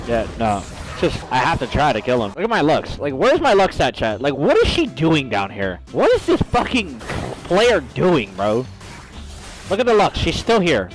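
A young man streaming a video game live, ranting and swearing at teammates, swinging from low mutters to shrieking outbursts. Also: huge pitch swings, normal speed, poor audio. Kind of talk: live gameplay commentary. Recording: faint music behind.

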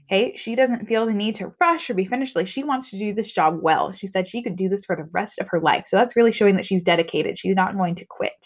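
A woman's voice: medium pitch, fast talker, hardly any pauses. Friendly woman teacher on a lo-fi recording. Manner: friendly, explanatory, with frequent "okay"s. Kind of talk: remote reading lesson. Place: home. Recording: dull lo-fi recording.

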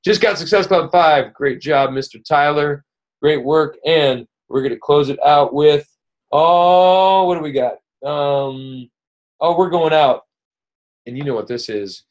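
A man with a fairly high, unhurried voice hosts a weekly coaching call. He talks in a casual, upbeat way, rambling through plenty of fillers and restarts as he gives motivational coaching.

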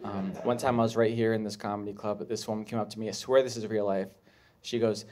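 A man doing stand-up on a comedy club stage, awkward with deadpan asides. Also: lowish voice, quick pace. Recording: live club audience noise.

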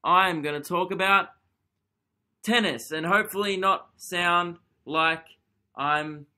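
Young Aussie male comedian, bright, slightly high voice, self-deprecating home podcast ramble. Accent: Australian. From Australia. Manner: rambling, self-mocking, quick asides and laughs. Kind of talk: casual solo podcast rant. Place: lounge room at home. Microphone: desk podcast microphone.

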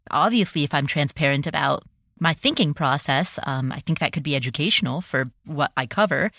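A woman's voice: low-pitched, a bit bright, no room sound, clean studio sound. Nervous, chatty woman podcast host. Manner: nervous, fast and self-deprecating. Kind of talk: personal solo podcast talk.

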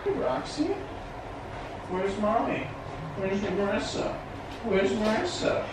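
A man's voice: sits high, animated, takes it slowly. A young man in his twenties talking casually, reassuring and teasing his girlfriend. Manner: soothing, teasing, keeps reassuring. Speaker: boyfriend in a prank video. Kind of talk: casual conversation. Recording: echoey distant room sound with loud noise.

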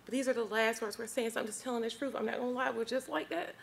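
Woman, high-pitched speaking voice, earnest heartfelt church testimony addressed to the congregation. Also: fairly even intonation, quick pace, vocal fry, slight background noise. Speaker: church member giving testimony.

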